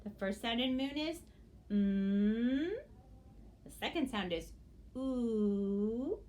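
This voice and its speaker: A woman teacher giving a phonics lesson to young children, sounding out words slowly and praising often. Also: on the high side, animated. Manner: slow, exaggerated sounding-out of words; encouraging praise.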